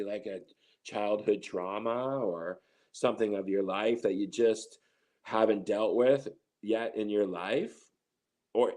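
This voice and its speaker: A man's voice: on the low side, darkish tone. A middle-aged man telling a long personal story in an interview, rambling, restarting often and quoting others. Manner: rambling, with many restarts and quoted voices. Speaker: interview guest, cannabis grower. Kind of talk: casual storytelling.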